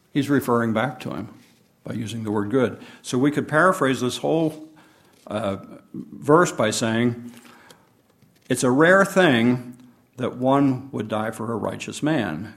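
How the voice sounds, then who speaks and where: Man preacher, mid-pitched voice, patient Bible study teaching style. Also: creaky. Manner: unhurried teaching, reads and explains scripture.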